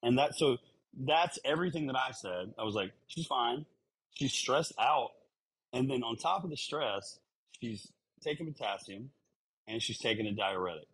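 A man co-hosting a podcast, calmly explaining his side in casual chat. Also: medium pitch, slight background noise, poor audio. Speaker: podcast co-host, coach.

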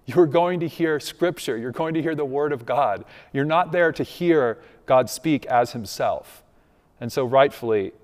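Lively man preaching in an echoing hall. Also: mid-range voice. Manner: conversational, asks the congregation "right?". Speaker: pastor. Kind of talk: sermon. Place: church sanctuary. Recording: long reverb of a large hall.

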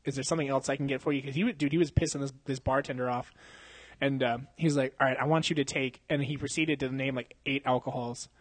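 Fast and fairly even in intonation, this young man's medium-pitched voice comes through a dry recording on a handheld mic. Hosting a podcast, he tells a long, casual bar story, swearing plenty, speaking in slang, laughing, and voicing the quotes himself.

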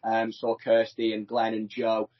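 A man's voice: lowish voice, monotone, measured pace, muffled recording. A man co-hosting a podcast, chatting casually and rambling through holiday stories from abroad over a remote line. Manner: chatty, rambling, self-deprecating banter. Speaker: podcast co-host. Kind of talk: casual chat. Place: holiday home in France, remote.

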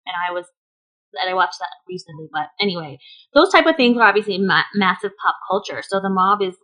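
A woman's voice: mid-range voice, expressive, fast talker, sharp tone, low-quality recording. A woman co-hosting a podcast in casual chat, chatty and opinionated, laughing often. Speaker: podcast co-host.

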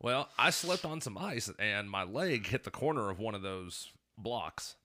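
Bright-voiced man telling a rambling story. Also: lowish voice, animated, unhurried. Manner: rambling, profane, laughs often. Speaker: podcast host. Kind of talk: casual chat, storytelling.

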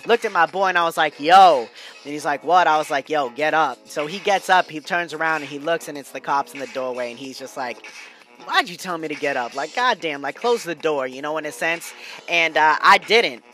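Animated, bright-voiced male podcast host. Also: on the high side. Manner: animated, slangy, laughing often, loud bursts. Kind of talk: casual storytelling monologue.

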